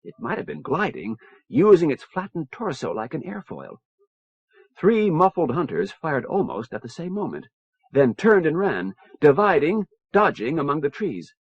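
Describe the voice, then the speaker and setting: A man reading a science fiction audiobook in measured storytelling narration, on a dull lo-fi cassette recording. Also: on the high side, big pitch swings, husky, no echo. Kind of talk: scripted narration.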